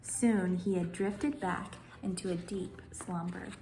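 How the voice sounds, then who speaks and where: A woman librarian leading a children's story time, reading a picture book aloud in a lively way. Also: mid-range voice, a little slow, hardly any pauses. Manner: animated, cheerful with children. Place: in front of a green screen. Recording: roomy echo, faint music.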